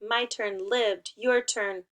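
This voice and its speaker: Woman teacher, unhurried delivery, encouraging and instructive with playful prompts for young children. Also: medium pitch, fairly even intonation, very noisy. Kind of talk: remote class lesson for young children.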